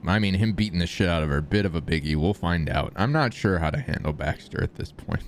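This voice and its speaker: A man's voice: low-pitched, animated, quick pace, slight background noise. A man streaming a police roleplay, chatting casually, laughing often and swearing. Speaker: streamer playing a police chief.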